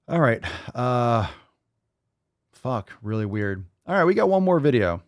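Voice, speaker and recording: A man's voice: medium pitch, sing-song, a little slow, dry recording, clean studio sound. Blunt, profane man mocking clips. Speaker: host reacting to clips. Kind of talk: casual reaction commentary.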